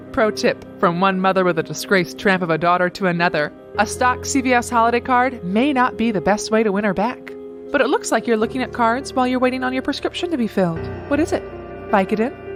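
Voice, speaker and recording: Woman acting as an icy mother, precise and cutting, clear music behind. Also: mid-range voice, natural voice. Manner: cold, precise, cutting insults.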